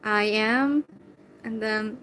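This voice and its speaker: A Hungarian woman talking to camera in English with a Hungarian accent, replying to a viewer slowly and hesitantly, with many fillers. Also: medium pitch, fairly even intonation, fairly bright tone, a little hiss or hum, poor audio. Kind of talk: casual talk to camera.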